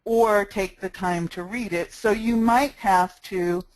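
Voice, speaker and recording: A woman's voice: medium pitch, takes it slowly, dry recording, rough recording. A woman giving a step-by-step screencast tutorial into a cheap headset microphone, friendly and practical, talking with a smile. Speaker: sales marketing instructor.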